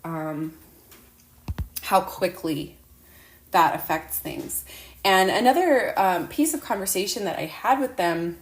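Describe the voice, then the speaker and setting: A woman's voice: on the low side, animated, slow pace, long pauses, roomy sound. A woman hosting her own podcast at home, talking in an earnest, effusive, rambling way with plenty of fillers. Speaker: podcast host. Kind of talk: casual podcast monologue.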